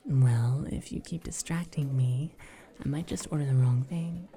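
A young adult woman in a whispered role-play, talking in flustered, breathy whispers and teasing asides. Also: very deep voice, unhurried, dark tone.

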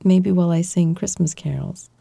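A woman voicing an affectionate girlfriend who gently reassures and teases her partner, in a whispered role-play. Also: lowish voice, moderate pace, creaky, husky, no room sound, exaggerated voice. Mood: tender. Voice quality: soft, gentle, reassuring, playfully teasing.

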